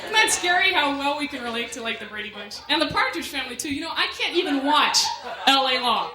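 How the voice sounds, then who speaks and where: A woman performs a stand-up set as the MC of a comedy club, bantering with the crowd in quick asides. Her voice sits high. The recording is roomy and echoey, with loud noise running underneath. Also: animated. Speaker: MC and stand-up comic. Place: comedy club stage with a live audience.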